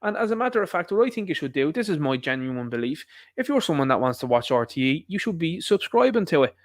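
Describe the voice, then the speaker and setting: An Irish man delivers a scornful, combative rant, hammering his points home by repeating them. His voice sits a little higher than most men's, and the sound is close and dry. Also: sing-song, fast talker, dry recording. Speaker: online commentator. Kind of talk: ranting video commentary.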